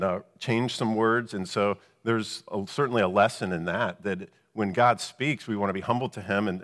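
A man's voice: fairly low pitch, a bit bright, in a large hall. A man preaching a Bible lesson, explaining verses and asking rhetorical questions. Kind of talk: Bible teaching.

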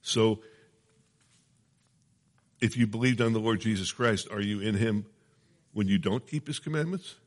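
A man's voice: on the low side, a little slow, long pauses, big-room sound. A man preaching a sermon in a conversational teaching manner, often checking in with his listeners. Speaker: pastor.

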